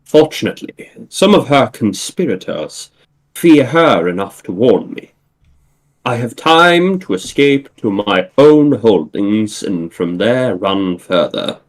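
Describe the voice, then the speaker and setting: A man voices a scheming imperial official who gives orders coldly and broods over his losses. The voice sits low and the delivery is slow and deliberate, as in a comic read-aloud. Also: animated, rough recording. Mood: brooding. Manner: cold, commanding, measured.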